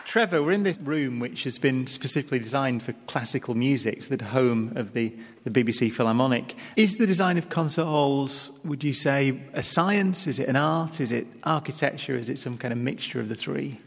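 A man's voice: medium pitch, brisk, vocal fry, few pauses. A man hosting a radio panel show in a concert hall, with a wry, teasing manner. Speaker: host. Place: concert hall used as studio. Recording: long concert hall reverb.

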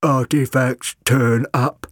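Grating metallic robot voiced by a man, terse and very slow, clipped audiobook menace, dry. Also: mid-range voice, steady tone, dry recording, pitched above the performer's own voice. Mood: flat menace. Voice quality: metallic, scraping. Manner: slow clipped broken phrases.

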